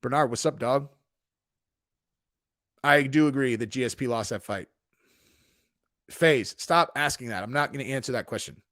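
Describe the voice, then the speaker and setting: A man's voice: medium pitch, normal speed, pauses often, fairly bright tone, no echo. Casual streamer guy at home answering chat, swears a lot, keeps saying dude, dry close sound. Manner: profane, laid-back, says "dude" constantly. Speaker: streamer host. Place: home in Texas.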